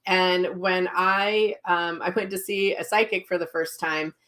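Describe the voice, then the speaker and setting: A woman's voice: on the low side, fairly even intonation, measured pace, fairly bright tone. A middle-aged woman, a psychic medium, casually chatting on a live stream, telling stories and reading viewer comments aloud.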